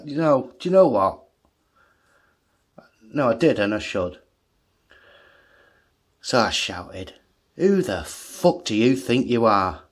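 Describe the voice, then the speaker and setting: A man telling an angry story on his own channel. He swears heavily, gets agitated, and laughs at himself between rants. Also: on the low side. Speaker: vlogger. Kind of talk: ranting monologue story.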